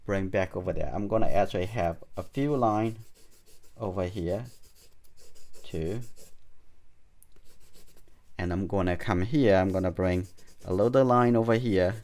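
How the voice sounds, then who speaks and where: A man whose first language is Chinese, calmly talking through a charcoal drawing demonstration as an art teacher, thinking aloud as he works. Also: on the low side. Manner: calm, thinking aloud while drawing, non-native phrasing.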